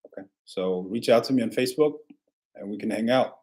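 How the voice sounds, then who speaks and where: A man hosting a casual livestream, answering viewer questions in a relaxed, rambling way with frequent restarts. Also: medium pitch, a little fast.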